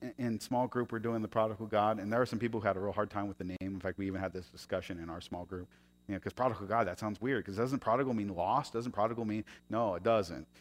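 A man preaching a sermon, moving between loud emphatic passages and quiet confiding asides. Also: lowish voice, steady tone, quick pace. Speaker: pastor.

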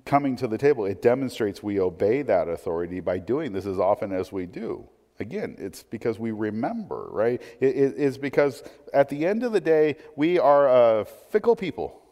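Male pastor preaching, conversational, loud then hushed, long church-hall reverb. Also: medium pitch. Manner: swings from loud emphatic to hushed, conversational asides. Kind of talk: sermon.

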